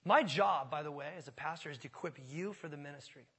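A man's voice: fairly high pitch, fast talker, slightly rough. Earnest male pastor preaching in a reverberant hall. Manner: earnest, swings from hushed to fervent. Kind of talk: sermon. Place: church sanctuary.

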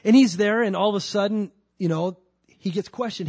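A man's voice: high-pitched, moderate pace, darkish tone, dry recording. A man preaching a conversational sermon and telling the story with emphatic delivery.

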